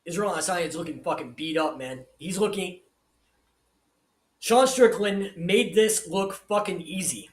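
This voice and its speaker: A man's voice: high voice, normal speed, roomy sound. A man giving crude, profane live commentary on a fight, swearing constantly and reading out viewer comments. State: shouting with excitement.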